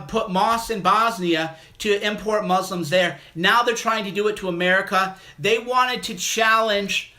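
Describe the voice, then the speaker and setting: A man's voice: sits high, sharp tone. A male livestream host taking callers, ranting with an aggressive, mocking and insulting manner and hammering his points through repetition. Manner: repetitive, emphatic delivery. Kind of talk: call-in livestream rant.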